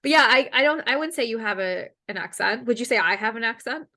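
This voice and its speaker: A Canadian-accented woman hosts a relaxed podcast conversation. She talks in a lively, animated way and drops casual swear words as she tells stories. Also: a little high, fast talker. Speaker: podcast host.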